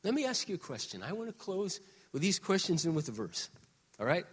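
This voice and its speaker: A man in his sixties preaching a sermon as pastor, moving between quiet, confiding talk and loud, shouted exhortation. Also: sits high, very animated, fairly quick, breathy edge, in a large hall. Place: church sanctuary.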